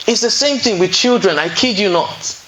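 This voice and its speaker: A man's voice: high-pitched, moderate pace, bright, forceful tone, a little hiss or hum, low-quality recording. Man teaching a live audience. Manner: conversational, keeps checking in with the listeners; tells stories from counseling sessions. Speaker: relationship speaker at a singles fellowship. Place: room with a seated audience.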